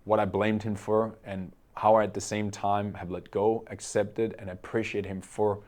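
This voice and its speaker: Young male coach for a vlog, slightly low voice, earnest, sharing a personal story. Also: little pitch movement, moderate pace, darkish tone. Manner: earnest, with frequent "okay?" tag questions. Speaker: coach and entrepreneur.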